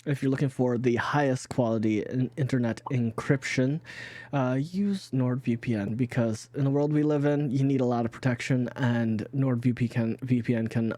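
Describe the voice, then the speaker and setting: A man's voice: mid-range voice, moderate pace, dark tone, no room sound. Rambling man reading sponsors, dry sound. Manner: rambling, restarts, laughs easily. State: has the hiccups. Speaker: game master. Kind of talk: casual sponsor read.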